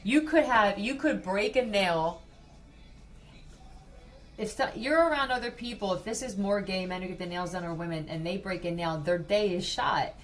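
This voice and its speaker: A woman's voice: medium pitch, normal speed, faint music behind. A woman giving a blunt, profane psychic reading, talking straight to the viewer in a casual way. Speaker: psychic reader.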